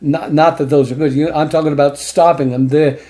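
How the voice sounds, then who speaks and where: A middle-aged male host delivers his commentary with a preacher's insistence, leaning on repetition to drive points home. His voice is mellow and dark in tone yet rides slightly high in pitch. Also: fairly even intonation, a little fast. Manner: emphatic, preachy, repeats for stress. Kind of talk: opinion commentary show.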